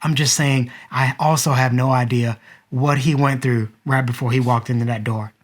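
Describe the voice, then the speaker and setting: Man, 30s, earnest, reflective, addressing the viewer, mid pitch. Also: fairly even intonation, normal speed. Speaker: vlogger and father. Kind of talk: personal storytelling to camera.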